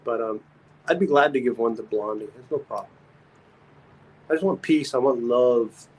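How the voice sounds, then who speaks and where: A man's voice: mid-range voice, moderate pace, darkish tone, poor audio. A man hosting a casual livestream, reading comments aloud and rambling with repeated phrases and stammers. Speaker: livestream host.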